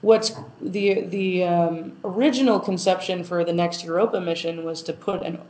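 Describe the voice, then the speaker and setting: A woman's voice: lowish voice, fairly even intonation, normal speed, a little mellow. A woman planetary scientist answering interview questions in a casual, thoughtful way, with many fillers and restarts. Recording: roomy echo.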